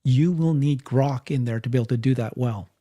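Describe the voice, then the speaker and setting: A man co-hosting a podcast, talking in a casual, animated way, often laughing and restarting his sentences. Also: mid-range voice, a little fast. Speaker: podcast co-host. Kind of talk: casual panel chat.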